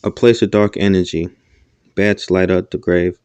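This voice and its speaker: A man reading a first-person audiobook in a somber, monotone way on a dull lo-fi recording. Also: low voice, moderate pace, clear, resonant tone, no echo. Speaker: audiobook narrator.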